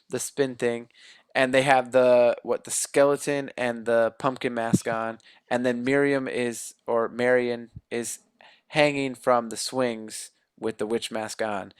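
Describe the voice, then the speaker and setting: In studio-quality sound with no room noise, a man with a smooth, mid-range, fairly bright voice co-hosts a podcast. He rambles through a horror film's plot with jokes in a casual movie review chat.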